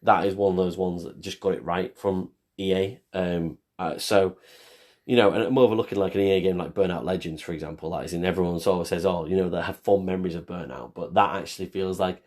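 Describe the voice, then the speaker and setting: Deep-voiced man rambling casually. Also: fairly even intonation, quick pace, darkish tone. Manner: rambling, self-deprecating, restarts often. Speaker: podcast co-host. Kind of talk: casual chat.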